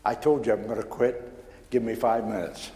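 A male pastor telling a folksy, animated story in a sermon, acting out the dialogue. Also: fairly low pitch, moderate pace, background noise. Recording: echoey hall with long reverb.

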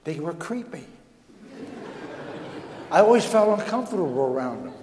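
A man preaching a personal testimony, telling his story in a stammering, animated way that builds in excitement. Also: on the high side, moderate pace. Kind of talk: sermon testimony. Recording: echoey hall with long reverb.

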